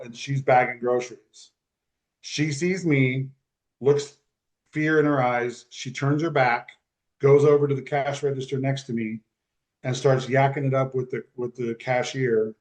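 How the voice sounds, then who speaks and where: A man telling a personal story on a podcast, acting out the voices of the people in it. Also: medium pitch. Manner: animated storyteller who acts out quoted speech. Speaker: podcast guest. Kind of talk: storytelling in casual conversation.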